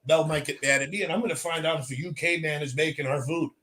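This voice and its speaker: A man's voice: fairly high pitch, fast. Swearing American man telling stories. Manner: swears a lot, loud storytelling. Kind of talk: casual chat.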